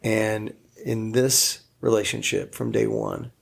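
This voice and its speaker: A man's voice: on the low side, flat delivery, slow, vocal fry, husky. A man co-hosting a casual podcast with his wife, joking and earnest, chuckling as he talks. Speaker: podcast co-host. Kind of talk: casual chat.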